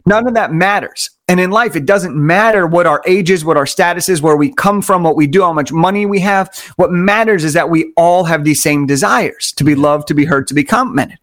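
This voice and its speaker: A man telling stories as an interview guest, energetic and enthusiastic, stressing his points through repetition. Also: on the high side, fairly quick, hardly any pauses. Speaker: podcast guest. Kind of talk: conversational storytelling.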